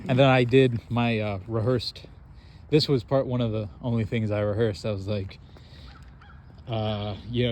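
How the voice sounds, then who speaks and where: A young American man in casual chat, telling an animated, self-mocking story and laughing often. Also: medium pitch, moderate pace, slight background noise. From United States.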